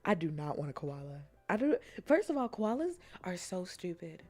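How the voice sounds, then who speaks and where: A woman streamer in a casual, rambling chat, playful and often dropping into soft whispers. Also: fairly low pitch, big pitch swings, moderate pace, faint music behind.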